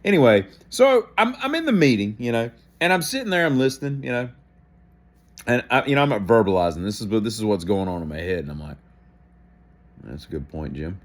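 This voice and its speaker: Animated man telling a rambling story. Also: mid-range voice, fast. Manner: animated, self-deprecating, acts out gestures and inner thoughts. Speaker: daily show host.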